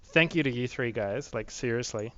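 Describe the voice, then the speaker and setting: A young vlogger rants into his camera in a loose, rambling video diary, swearing freely and leaning on "like" constantly. His mid-range voice is bright and forceful at a moderate pace, and the close, dry recording sounds a little dull and lo-fi.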